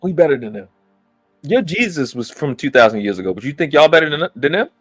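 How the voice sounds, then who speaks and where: A man's voice: on the high side, very animated, fast talker, dry recording, soft background music. A man hosting a livestream, ranting angrily and mocking his critics with heavy profanity. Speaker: livestream host. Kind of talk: angry ranting monologue.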